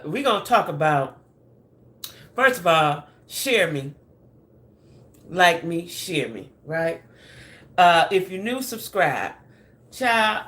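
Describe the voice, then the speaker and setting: A woman's voice: on the low side, fairly bright tone. A woman hosting a casual gossip livestream from her home desk, chatting in Southern vernacular and greeting viewers by name. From Southern United States. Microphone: camera and ring light at desk.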